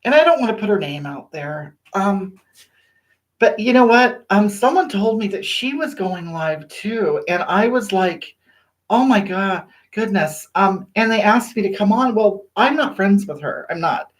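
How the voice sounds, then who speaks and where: A woman's voice: medium pitch, measured pace, natural voice. A woman playing a vain livestreamer who chats from her bathroom, reading viewer comments aloud, gushing over compliments and snapping back at critics. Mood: sassy. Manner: gushing and self-flattering, sassy toward critics. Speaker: livestream host. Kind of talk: live-stream chat reading viewer comments. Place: small bathroom.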